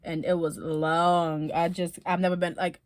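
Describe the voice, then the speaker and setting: A woman telling her own story in a casual, animated way, swearing often and laughing now and then. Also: on the low side, a little slow, dry recording, studio quality.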